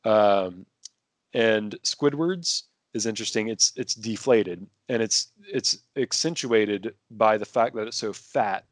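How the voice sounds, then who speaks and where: A man's voice: lowish voice, slow pace, no echo, studio quality. A man talking casually as a podcast guest, rambling with many restarts and fillers. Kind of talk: casual conversation.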